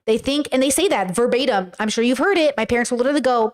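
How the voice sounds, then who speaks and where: Brief: young woman livestream host, high voice, blunt, animated chatty delivery. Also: fast, hardly any pauses. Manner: animated, blunt, talks straight to viewers. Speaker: livestream host reading chat. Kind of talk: casual chat. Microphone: webcam or desk mic on a livestream.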